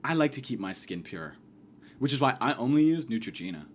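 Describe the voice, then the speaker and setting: A prim celebrity woman praises her skincare in a sweet, earnest advert voice, as a man mocks her. The tone is self-serious and soft. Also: mid-range voice, very animated, brisk, a little hiss or hum, pitched below the performer's own voice, natural voice.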